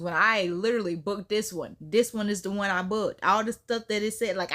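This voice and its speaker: A woman with a fairly high voice rants through a casual storytime for her vlog. She is animated and emphatic and hammers her points home by repeating them. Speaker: storytime vlogger.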